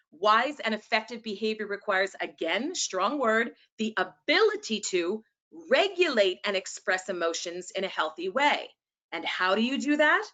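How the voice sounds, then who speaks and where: A woman's voice: mid-range voice, lo-fi sound. Passionate New York woman presenter. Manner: passionate, animated, sometimes fast. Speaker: educator and presenter. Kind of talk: presentation to teachers.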